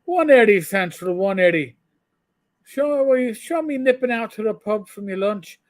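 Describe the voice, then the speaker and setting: A man's voice: lively intonation, normal speed, dry recording. A man putting on a cheeky Irish radio cop. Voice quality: full Irish brogue, loud and high. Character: Irish police officer on the radio, male, cheeky.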